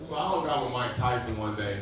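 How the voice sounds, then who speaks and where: A man's voice: medium pitch, fast. A man telling profane stand-up stories in a loose, rambling manner, on stage at a comedy club. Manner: profane, loose storytelling with acted-out quotes. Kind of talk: stand-up storytelling. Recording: echoey, distant room mic with ambient noise.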